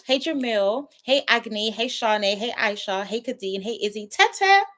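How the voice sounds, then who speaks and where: A woman's voice: a little high, expressive, moderate pace, slight background noise. Chatty young woman hosting a livestream. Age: 20s. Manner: chatty, playful, shouting out viewers by name. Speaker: YouTube livestream host. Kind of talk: casual livestream chat greeting viewers. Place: at home, her sister's house.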